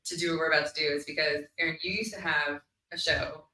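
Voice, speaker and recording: Chatty woman host, bright and roomy. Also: deep voice, steady tone. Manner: chatty, lots of ums, quick laughs. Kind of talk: casual chat. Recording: roomy, mic at a distance.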